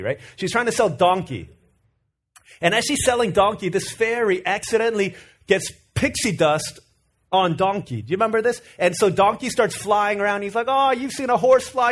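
A man preaching a sermon as pastor, telling a story and asking his listeners questions. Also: sits high. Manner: storytelling, animated, asks the audience.

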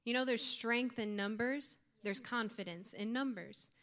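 A woman's voice: on the high side, a little slow, a bit bright. A young woman giving an earnest, informal youth sermon to her church group, with light laughs. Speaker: youth speaker.

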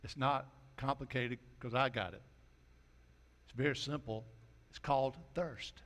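A man preaching a sermon in a folksy way, dropping his voice low and soft for quoted lines. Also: steady tone, a little slow. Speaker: pastor.

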